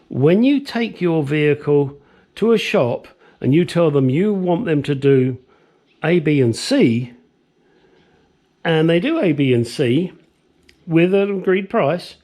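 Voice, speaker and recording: A man's voice: a little high, animated, slow pace, long pauses, a little mellow. Retired-sounding older man, casual workshop vlogger, blunt and chatty, goes off on tangents. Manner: chatty, blunt, rambling asides. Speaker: home mechanic restoring a car. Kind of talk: casual workshop vlog narration.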